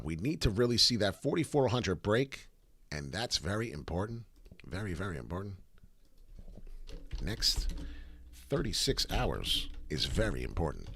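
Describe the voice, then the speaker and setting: A man hosting a live crypto chart commentary, excitable, profane and rambling. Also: deep voice, husky, no echo. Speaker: crypto chart analyst, channel host.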